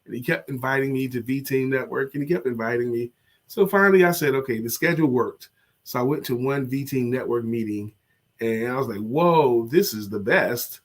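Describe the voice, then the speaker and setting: A man co-hosting a motivational show, talking slowly and softly while he recovers from an illness. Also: mid-range voice. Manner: slow, tired, soft-spoken. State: sick, low energy, recovering from covid. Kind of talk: casual chat.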